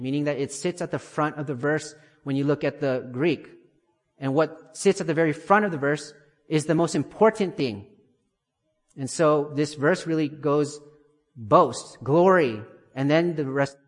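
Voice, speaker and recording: Man, preacher, emphatic sermon, slightly high voice, long hall reverb. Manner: emphatic, builds to forceful declarations. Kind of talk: expository sermon.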